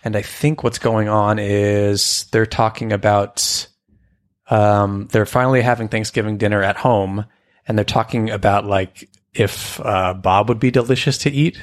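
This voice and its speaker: A man's voice: lowish voice, fairly even intonation. A man co-hosting a podcast, chatting casually and rambling as he recaps a cartoon episode. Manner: chatty, rambling, does quick character impressions. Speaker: podcast co-host.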